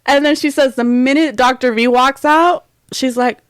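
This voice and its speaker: A young woman co-hosting a casual podcast, telling an animated story that often breaks into laughter. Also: high voice, normal speed, clear, resonant tone, no room sound, clean studio sound. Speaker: podcast co-host. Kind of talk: casual chat.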